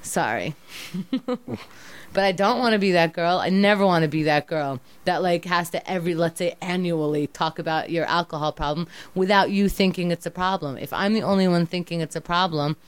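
A woman's voice: lowish voice, clear, resonant tone, dry recording. A woman arguing with her boyfriend in a heated back-and-forth, exasperated and sometimes mocking. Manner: exasperated, rapid-fire, mocking impressions. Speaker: girlfriend in a couple's argument. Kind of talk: heated couple argument.

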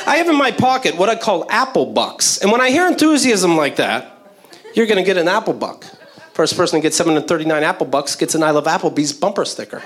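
A man's voice: high-pitched, big pitch swings, fast, fairly bright tone. A man playing an overeager male restaurant trainer in a stand-up bit, full of forced corporate cheer. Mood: cheesy. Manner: chirpy forced enthusiasm, cheesy corporate pep. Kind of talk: stand-up comedy character bit.

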